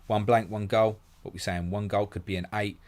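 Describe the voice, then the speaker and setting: A man with a low voice runs a live question stream. He is brisk and matey, reading each question aloud and then answering it. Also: fairly even intonation, a little mellow. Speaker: podcast host.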